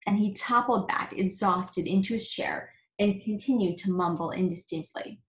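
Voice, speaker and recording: A woman reading a children's book aloud for camp story time, with lively expression. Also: fairly low pitch, moderate pace, hardly any pauses. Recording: echoey room.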